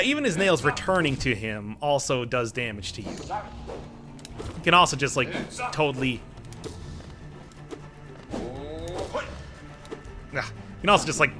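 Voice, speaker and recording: A man giving casual, joking commentary while playing a video game, often talking back to the game's characters. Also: mid-range voice. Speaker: gaming let's-player.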